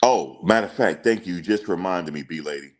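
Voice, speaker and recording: A man's voice: deep voice, expressive, fairly quick. A man hosting casual celebrity news commentary, emphatic and slangy, repeating his points. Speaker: commentary channel host.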